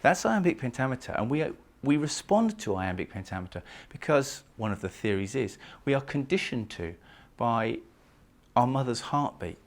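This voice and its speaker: A man giving a recorded poetry lecture who reads verse aloud and talks with lively emphasis, pushing key words up in pitch and volume. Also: normal speed. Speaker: literature lecturer.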